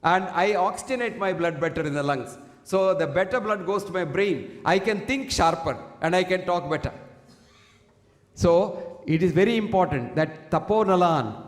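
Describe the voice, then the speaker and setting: A man's voice: high-pitched, normal speed. A man with an Indian English accent giving a preachy motivational health talk, quoting Sanskrit verses. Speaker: health speaker. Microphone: single handheld or stand mic. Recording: echoey hall.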